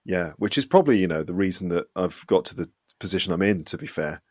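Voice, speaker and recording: A man's voice: low voice, lively intonation, quick pace, dry recording, clean studio sound. A man in his forties from the English West Midlands with a faint trace of the local accent, chatting as an interview guest in a self-deprecating way and laughing often. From England, West Midlands (Solihull). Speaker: guest, English teacher and podcaster. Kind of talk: casual interview chat.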